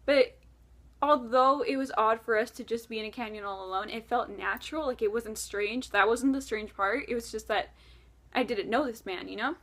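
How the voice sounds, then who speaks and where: A woman tells a long story to her camera in a chatty, animated way, scattering "like" through her sentences. Her voice sits a little higher than most women's. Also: normal speed. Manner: chatty, animated, many "like" fillers. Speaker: vlogger.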